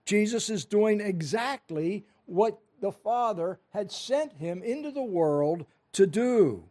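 Man, high-pitched voice, pastor, sermon, emphatic, earnest. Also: lively intonation, slow, warm tone. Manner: earnest, emphatic preaching with scripture reading.

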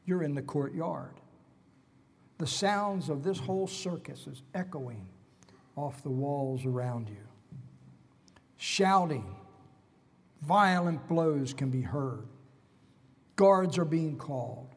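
A man's voice: fairly high pitch, animated, slow, long pauses, breathy edge, in a large hall. A man preaching an expository sermon, retelling scripture with dramatic, emphatic storytelling.

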